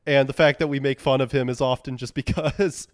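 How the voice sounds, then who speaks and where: A man co-hosting a comedy podcast, talking in a dry, deadpan way. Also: mid-range voice, brisk. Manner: dry, deadpan, often starts with "yeah, no". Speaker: podcast co-host.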